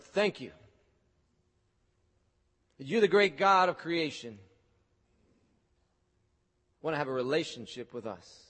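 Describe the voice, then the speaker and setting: A man preaching a sermon in a large hall, his voice carrying a long reverb tail. His pitch sits on the higher side, and he swings from loud, rising questions to slow, hushed phrases almost under his breath. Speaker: pastor.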